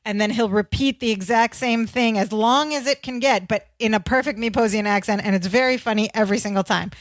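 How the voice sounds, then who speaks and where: A woman's voice: on the high side, fairly quick, dry recording. A woman co-hosting a rewatch podcast in casual chat, walking through each scene and quoting the dialogue with a laugh. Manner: narrates plot, quotes dialogue, laughs easily. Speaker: podcast co-host.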